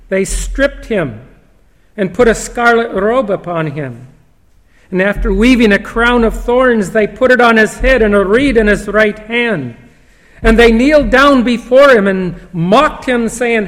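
A man preaching a sermon, reading scripture slowly and emphatically, with long pauses. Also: high voice, a bit bright. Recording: long hall reverb.

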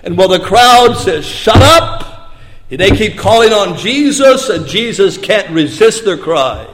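A fairly high-voiced man preaching a sermon, his words trailing into a long, echoing reverb. He drops to hushed, low passages and then lifts into emphatic, raised lines. It sounds like a pastor in a church hall. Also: expressive, a little slow, slight background noise.

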